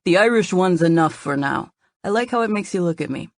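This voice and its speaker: A woman's voice: fairly low pitch, lively intonation, a little fast, no echo, clean studio sound. A woman voicing a confident young man who jokes and teases playfully. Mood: teasing. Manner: teasing, playful.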